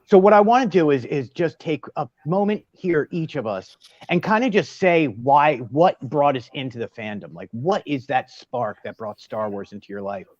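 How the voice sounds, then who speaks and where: Um homem que apresenta um bate-papo ao vivo entre fãs, em tom descontraído e cheio de piadas. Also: male voice, fairly high pitch, expressive, a little mellow, dry recording. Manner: jokey, laughs often, fast talking. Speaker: host. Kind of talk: casual livestream panel chat. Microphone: video call. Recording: dull dry lo-fi sound.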